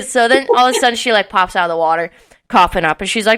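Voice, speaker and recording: A young woman in her twenties tells a rowdy story on a casual podcast. Her voice is bright and clear, and she acts out what people said with a lot of swearing. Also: mid-range voice, fast talker. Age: early 20s. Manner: animated, swearing often, acting out quotes with laughs. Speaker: podcast co-host.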